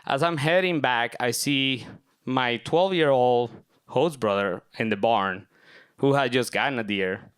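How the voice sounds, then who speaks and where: Young man, smooth resonant storytelling voice. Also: mid-range voice, measured pace. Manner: casual, self-mocking, filler-heavy. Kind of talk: live personal storytelling. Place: stage at a live event.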